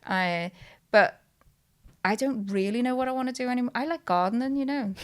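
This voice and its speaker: A woman's voice: fairly high pitch, fairly quick. A woman in her thirties, a guest in a casual podcast interview, who tells her stories with animation. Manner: animated storyteller, acts out quoted voices loudly. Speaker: guest, lookalike model.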